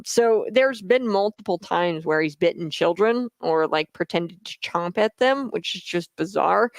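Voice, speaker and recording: A man's voice: high-pitched, creaky, fairly bright tone, no room sound. A man hosting a casual political commentary vlog, talking in a sarcastic, mocking way with lots of filler words.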